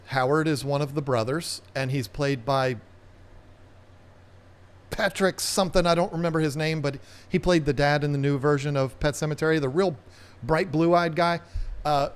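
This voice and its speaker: A man's voice: a little high, smooth. Chatty man hosting an aquarium live stream. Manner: chatty, rambling, playful. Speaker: aquarium channel host. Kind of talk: casual live-stream chat.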